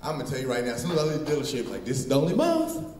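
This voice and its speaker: A man from Middletown, Ohio doing open-mic stand-up in a small bar, telling profane, animated stories with shouted asides to the crowd, recorded on a phone set down near the stage. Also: mid-range voice, rapid-fire. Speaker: stand-up comedian. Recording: roomy bar recorded from far off, faint noise.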